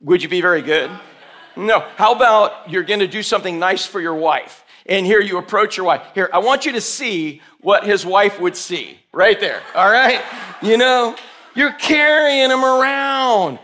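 A man's voice: high voice, a little slow. A man preaching a sermon, running a hands-on demonstration with volunteers and firing questions at the congregation. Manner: animated, coaxing volunteers, calling out questions to the room. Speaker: pastor.

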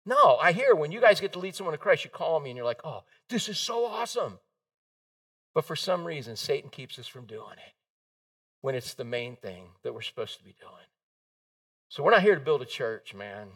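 Animated high-voiced preacher, mic at a distance. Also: male voice, fairly quick. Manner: animated storytelling, acts out quoted voices. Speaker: pastor. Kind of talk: sermon.

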